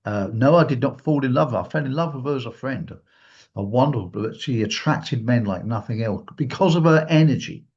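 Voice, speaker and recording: A man telling a personal story during a talk, animated and acting out the lines of the people he quotes. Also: medium pitch, brisk, slightly rough. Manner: animated, acts out quotes in a raised voice. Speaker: guest speaker. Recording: dull lo-fi recording.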